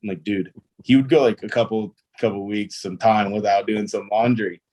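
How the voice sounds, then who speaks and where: A man's voice: lowish voice, steady tone, normal speed, darkish tone. A young man, a pro ballplayer, telling stories in a casual interview, easygoing and rambling with lots of fillers. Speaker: guest, pro baseball player.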